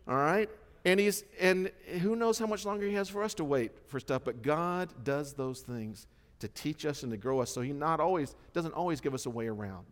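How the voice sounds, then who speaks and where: A middle-aged man preaching a sermon, lively and conversational, acting out the voices he quotes. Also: fairly high pitch, moderate pace. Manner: animated storytelling, acts out quoted voices. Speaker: pastor. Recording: long hall reverb.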